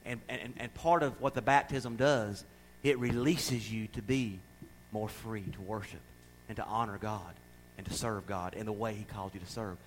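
A middle-aged man preaching a sermon, emphatic and loud at times, then dropping into quiet asides. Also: on the low side, fairly even intonation, moderate pace, a little hiss or hum, low-quality recording. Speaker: pastor.

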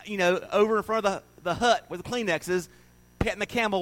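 A man preaching a sermon, swinging from loud, animated storytelling to soft, hushed reflection. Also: sits high, brisk, poor audio. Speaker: pastor.

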